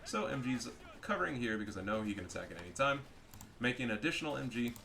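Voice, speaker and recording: A man giving casual, profane commentary over a strategy game, getting loud and excited at big plays. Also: medium pitch, fast, creaky. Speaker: gaming commentator.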